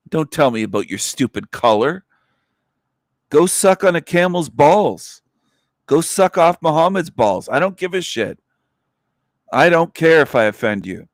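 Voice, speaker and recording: A man ranting bluntly on his livestream, cursing freely and dropping scornful laughs. His pitch sits in an ordinary middle range. The sound is close and dry. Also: dry recording. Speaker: livestream host. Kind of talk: angry rant.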